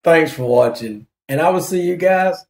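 A man's voice: fairly high pitch, lively intonation, normal speed, darkish tone. A man hosting a casual video review, rambling with hesitant fillers and frequent laughter. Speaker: YouTube reviewer host. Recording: echoey room.

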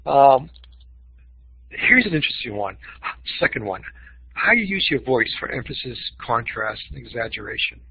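Man, webinar presenter, husky, emphatic; dry, lo-fi audio. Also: medium pitch, moderate pace, pauses often, no echo. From Boston. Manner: expressive, uses voice for emphasis. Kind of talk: webinar teaching talk.

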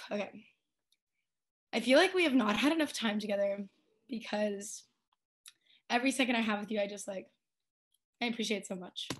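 A woman in her twenties from an a cappella group pays tribute to a departing senior friend, crying and laughing as she speaks, with lots of fillers. Her medium-pitched voice is a bit bright, moving at normal speed with long pauses.

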